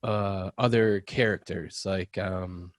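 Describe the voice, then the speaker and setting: A man's voice: sits low, steady tone, no room sound. A man hosting a podcast in casual chat who laughs along with his guest. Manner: easygoing, quick to laugh along. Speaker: podcast host.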